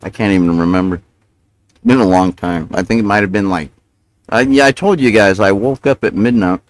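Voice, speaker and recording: Eating as he talks, a livestreamer mumbles through mouthfuls in a casual, rambling, profane rant full of self-justification. His voice is lowish and a little fast; there's no echo, but the audio is poor.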